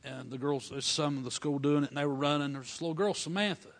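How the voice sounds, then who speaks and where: A man's voice: on the high side, vocal fry. A middle-aged man, preaching a folksy storytelling sermon with fervent bursts of praise. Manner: fervent, building to loud praise shouts; folksy dialect, drawn-out emphasis.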